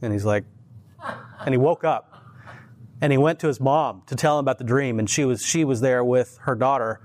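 A man with a voice of ordinary, middle pitch who teaches at church and tells faith stories in a relaxed conversation. He speaks earnestly and with animation. He often stumbles and restarts as his thoughts run ahead. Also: moderate pace. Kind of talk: casual faith conversation, storytelling.

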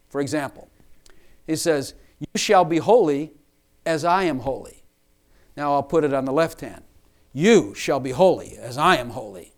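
A man's voice: medium pitch, darkish tone. A man preaching a sermon to his church, emphatic, repeating and rephrasing lines for stress.

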